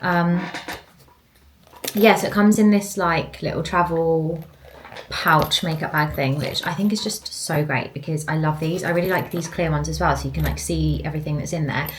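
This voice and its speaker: A woman's voice: low voice, fairly even intonation, moderate pace, a little hiss or hum. A young woman in a casual vlog, chatting to her handheld camera at home, rambling with lots of fillers. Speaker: vlogger.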